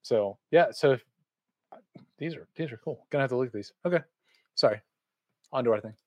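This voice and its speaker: Man podcast host, middle pitch, dry sound, rambling and distracted delivery. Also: brisk, no echo. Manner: rambling, distracted, many uhs and restarts. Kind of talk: casual podcast chat.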